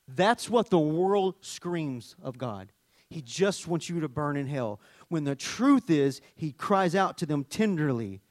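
A pastor preaching a sermon, dropping to hushed tender lows and rising to loud emphatic peaks, asking the congregation questions. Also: male voice, no echo.

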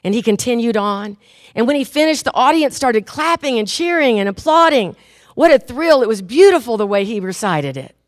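Lively woman preacher, high dry voice. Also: normal speed, no echo. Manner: lively and laughing, with earnest quieter storytelling. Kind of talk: sermon with closing prayer.

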